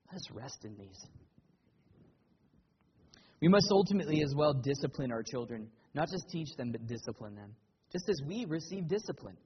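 A man preaching a sermon as pastor, earnest and animated, telling personal stories with emphatic swells. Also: a little fast, long reverb tail, dull audio, a little hiss or hum. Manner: animated storytelling with emphatic rises in pitch and loudness.

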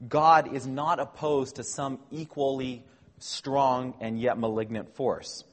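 Husky-voiced man lecturing in a reverberant hall. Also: mid-range voice, fairly even intonation. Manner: measured, explanatory, with small self-corrections. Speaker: Bible teacher. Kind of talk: lecture on scripture.

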